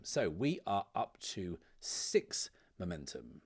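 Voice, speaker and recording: A man's voice: lowish voice, big pitch swings, slow pace, husky. A man playing and narrating a solo tabletop game, thinking aloud in a loose, chatty way.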